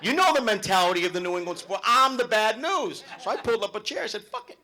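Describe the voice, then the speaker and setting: High, lively, bright-voiced male comedian. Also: fast. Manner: loud, swearing, animated storytelling. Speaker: stand-up comedian. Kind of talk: live stand-up comedy. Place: club event hall with live audience.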